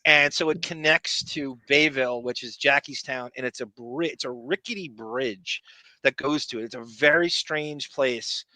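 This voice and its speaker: Co-hosting a podcast, a Long Island, New York man rambles casually and jokily through a chat, full of fillers and restarts. His medium-pitched voice is bright and forceful at a normal speed, captured in a dry, rough recording.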